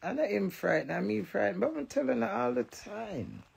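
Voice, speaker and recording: A middle-aged woman in a blunt, profane, animated casual rant to the camera. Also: medium pitch, normal speed, vocal fry, slightly rough.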